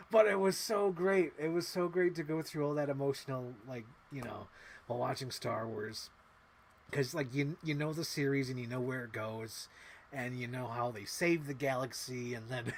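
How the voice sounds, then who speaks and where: A man hosting a casual livestream, rambling excitedly and swearing often, acting out little movie quotes as he talks. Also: medium pitch, slight background noise. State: emotional. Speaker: livestream host.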